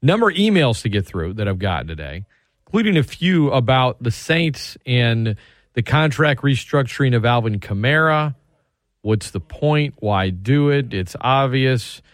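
A man's voice: medium pitch, big pitch swings, normal speed, dry recording. A man hosting a sports talk radio show, teasing his guest in a wisecracking way.

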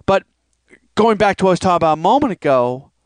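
A man's voice: high-pitched, animated, quick pace, clear, resonant tone, no echo. A man hosting a sports podcast, talking alone in a rambling, conversational way and now and then mimicking critics' voices. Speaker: podcast host. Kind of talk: solo sports podcast monologue.

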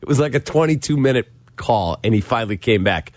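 A man's voice: mid-range voice, animated, brisk, few pauses, dry recording. A man hosting sports radio, telling a customer-service story with wry exasperation and quoting the people in it. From Chicago. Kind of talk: casual radio banter and storytelling.

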